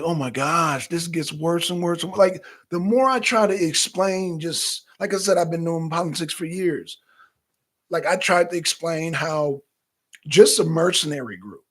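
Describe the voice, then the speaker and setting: A man hosting a talk show, giving casual, animated political commentary that rambles and repeats itself. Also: on the high side.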